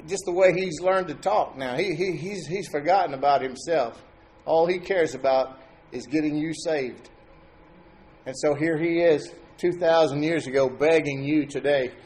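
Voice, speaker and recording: A man preaching a sermon as pastor, talking to his congregation in a conversational way and asking them questions. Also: fairly high pitch.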